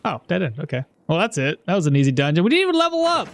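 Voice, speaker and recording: Man, game streamer, casual live commentary, rambling, profane, slightly high voice. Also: huge pitch swings, rapid-fire. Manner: rambling, chuckling, swears casually.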